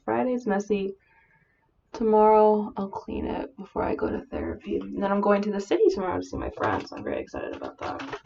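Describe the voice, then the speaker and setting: A woman's voice: medium pitch, very animated, brisk, creaky, warm tone, slight background noise. A woman vlogger rambling in casual chat while doing her makeup. She mumbles and fills her talk with "like.". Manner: filler-heavy valley-girl chatter. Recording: dull lo-fi audio.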